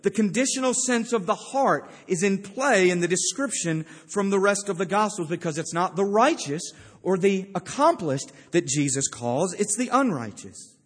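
A man's voice: high-pitched, expressive, moderate pace, husky, in a large hall. A male pastor preaching a sermon, with emphatic storytelling. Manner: emphatic storytelling with acted-out quotes.

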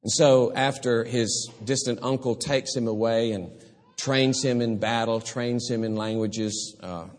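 A man's voice: mid-range voice, fairly even intonation, a little slow, big-room sound. A man preaching a sermon, earnest and storytelling, often restarting his phrases.

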